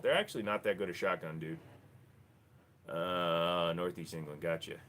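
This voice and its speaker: A man's voice: deep voice, fairly even intonation, moderate pace, a bit bright. A man hosting a casual livestream, chatting offhand with viewers, rambling and swearing freely into a desk microphone. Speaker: livestream host.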